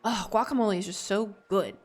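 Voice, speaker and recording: A Southern woman with a Southern American accent chats and rambles casually during her game stream, with faint music playing behind her. She has a medium-pitched voice and talks fairly quickly.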